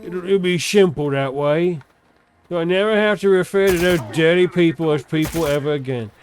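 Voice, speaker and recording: A man voicing a snobbish old-time English colonial official, speaking in a slow, haughty, dismissive drawl. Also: on the high side, a little hiss or hum, voice pushed up, lightly acted. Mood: sneering.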